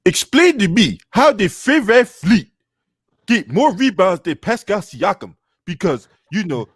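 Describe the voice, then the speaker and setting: An indignant fan with a Zimbabwean accent, put on by a man who fires off emphatic questions. The voice sits high and sounds close and dry, with no room around it. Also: very animated, unhurried, husky, dry recording, exaggerated voice.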